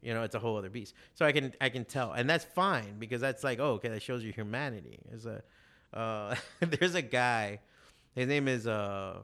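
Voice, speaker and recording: A man chatting as a podcast guest, swearing freely and rambling through restarts and fillers. His voice sits at an ordinary middle pitch, and he gets animated as he talks. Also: normal speed. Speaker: podcast guest, comic shop owner. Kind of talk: casual chat.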